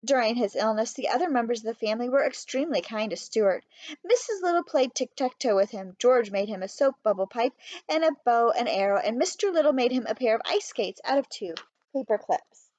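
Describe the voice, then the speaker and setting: A woman reading a children's storybook aloud in a steady, clear way. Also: a little high, fairly quick, dry recording. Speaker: audiobook reader. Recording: dry, slightly muffled.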